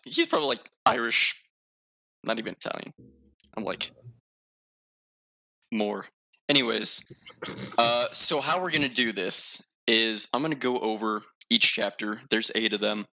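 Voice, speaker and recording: Guy hosting a chill podcast, kinda gravelly, lots of ums, pokes fun at himself. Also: fairly low pitch, bright, forceful tone. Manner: rambling, filler-heavy, self-mocking. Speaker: podcast host. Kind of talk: casual podcast chat.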